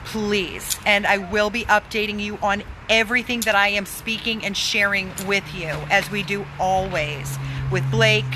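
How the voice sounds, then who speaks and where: A woman's voice: mid-range voice, fairly even intonation, unhurried, few pauses, background noise. A woman who runs an animal rescue, pleading for donations, emphatic and repeating words for stress. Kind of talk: pleading fundraising appeal.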